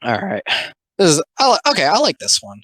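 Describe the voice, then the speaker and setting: Young dude ranting over comics, tons of filler words, bright voice, dry mic. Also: male voice, fairly high pitch, huge pitch swings, brisk, breathy edge, no echo, poor audio. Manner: rambling, filler-heavy, exasperated. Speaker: commentary video host. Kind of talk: casual reaction commentary.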